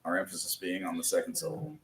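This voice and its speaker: A man with a low voice leads a classroom lesson. He spells words letter by letter and laughs at his own slips. The room is echoey, with a faint hiss. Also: animated, racing, far from the mic. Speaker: Hebrew teacher. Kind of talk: patient classroom instruction.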